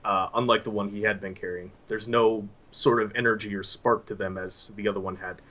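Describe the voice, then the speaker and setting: Bright-voiced man narrating a story game. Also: on the low side, fairly even intonation, dull audio. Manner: descriptive, halting with fillers. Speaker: game master.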